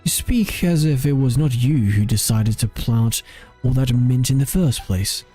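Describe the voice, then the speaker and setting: A man's voice: mid-range voice, a little slow, dark tone, husky, soft background music. A man voicing a sardonic ancient bird spirit with formal, wry, archaic phrasing.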